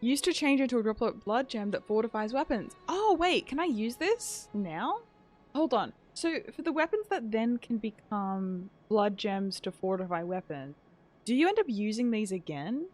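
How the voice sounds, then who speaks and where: A woman's voice: fairly high pitch, big pitch swings, normal speed, a little mellow, faint music behind. A young woman streaming a game, chatting casually with viewers, laughing often and greeting new followers. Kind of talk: casual gameplay commentary.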